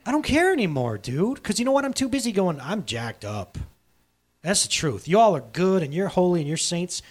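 Male pastor, middle-aged, conversational sermon, candid, slightly high voice, very lively pitch. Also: brisk. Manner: conversational, candid and animated, with sudden loud bursts. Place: church hall.

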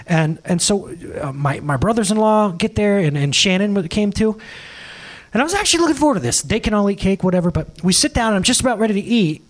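Male pastor in his thirties, high voice with big swings, animated and jokey sermon delivery. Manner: animated, jokey storytelling with laughs and quick asides.

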